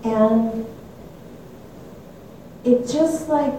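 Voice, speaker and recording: A woman's voice: a little high, extremely slow, slight background noise. Older woman telling a story in an echoey room. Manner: animated and candid, laughing at herself. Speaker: speaker sharing a personal story. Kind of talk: reflective personal storytelling. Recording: echoey room, mic at a distance.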